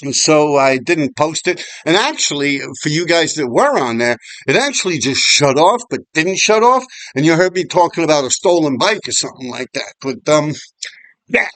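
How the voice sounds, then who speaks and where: A man telling a story in a casual, animated, profane way, laughing often. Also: a little high, moderate pace, no echo, rough recording. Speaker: vlogger.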